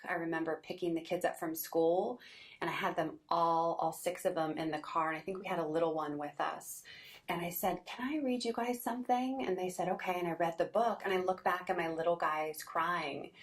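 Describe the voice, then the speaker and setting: A woman's voice: fairly low pitch, a little fast. A middle-aged woman who writes children's books, telling personal stories in a casual way and acting out the voices of people she quotes. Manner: animated, acts out quoted voices. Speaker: children's book author. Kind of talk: casual storytelling.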